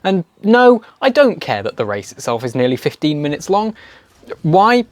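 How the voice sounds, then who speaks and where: A man's voice: on the high side, huge pitch swings, brisk, no room sound. A man narrating a scripted video essay in a wry, opinionated way.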